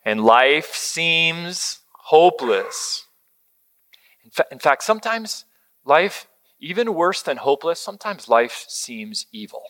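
Bright-voiced man preaching a sermon. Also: a little high, very animated, takes it slowly. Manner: conversational storytelling, dropping to a hush for quoted comfort. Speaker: pastor.

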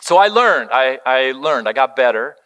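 A middle-aged man preaching a sermon, telling a family story in a conversational way and dropping to a soft hush when he quotes words of comfort. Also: mid-range voice, big pitch swings, moderate pace. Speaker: pastor.

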